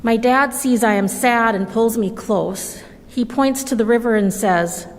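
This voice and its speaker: A woman reading a children's story aloud at a church service, gentle and measured. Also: a little high. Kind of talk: slow storybook read-aloud. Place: church sanctuary. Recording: long reverb of a large hall.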